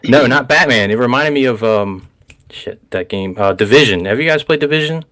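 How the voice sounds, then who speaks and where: A man hosting a casual recap chat, rambling, laughing often and getting excited. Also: mid-range voice, moderate pace. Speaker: podcast host.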